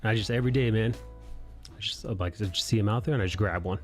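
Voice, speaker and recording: A man with a fairly low voice hosts a relaxed live stream and chats loosely with a friend. He rambles and swears easily, with soft music faint behind him. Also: quick pace. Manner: rambling, profane, laid-back storytelling. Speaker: art livestream host. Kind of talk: casual chat.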